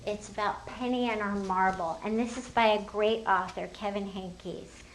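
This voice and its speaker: Older woman, teacher, upbeat and teacherly, middle pitch, echoey room. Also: fairly even intonation, normal speed, a little hiss or hum. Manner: upbeat, teacherly, talks to viewers as fellow teachers. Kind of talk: explaining a classroom phonics lesson. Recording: roomy echo.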